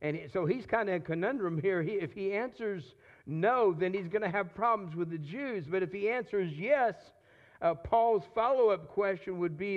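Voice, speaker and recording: A man's voice: high-pitched, moderate pace, phone-quality sound. A man preaching a sermon in a conversational way, often repeating and restarting his words. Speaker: pastor.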